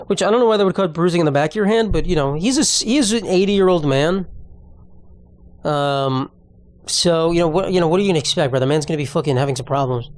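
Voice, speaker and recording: A man's voice: fairly high pitch, no echo. A young man hosting a podcast, reading news items aloud and riffing on them with slangy, casual asides. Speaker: podcast host. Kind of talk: casual comedic commentary.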